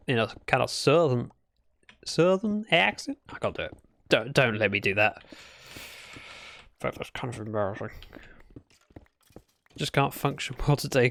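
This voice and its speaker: This British streamer's voice is mid-range, gravelly, and a bit bright, with no room sound. He rambles playfully through casual gameplay chat, fixing his own words as he talks.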